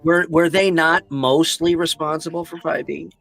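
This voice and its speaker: A man's voice: fairly high pitch, level tone, normal speed, creaky, fairly bright tone, faint music behind. A man co-hosting a tabletop gaming podcast, arguing passionately and swearing a lot in casual discussion. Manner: impassioned and profane, lots of swearing. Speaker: podcast co-host.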